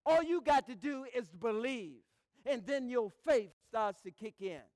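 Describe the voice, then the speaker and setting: A man voicing a motherly nurse who coaxes loudly and emphatically, raised well above his usual pitch. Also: animated, a little slow, no echo, clean studio sound. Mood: encouraging. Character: encouraging motherly woman nurse.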